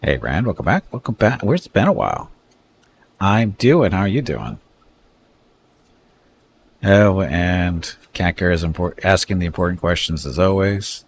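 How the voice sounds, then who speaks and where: A man with a low voice and big pitch swings streams a strategy game, speaking unhurriedly with frequent pauses. In casual live commentary he reads unit stats aloud and greets viewers, over a slight hiss or hum.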